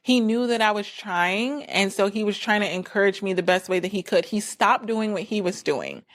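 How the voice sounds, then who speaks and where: A woman's voice: medium pitch, normal speed. A woman talking casually on her own, full of "like" fillers, who acts out what other people said. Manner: chatty, frequent "like" fillers, acts out quoted people. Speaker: podcast host. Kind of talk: casual solo talk.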